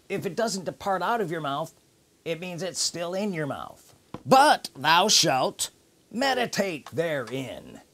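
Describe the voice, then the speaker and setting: A man preaching a sermon, emphatic, repeating key phrases with drawn-out pauses. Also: a little high.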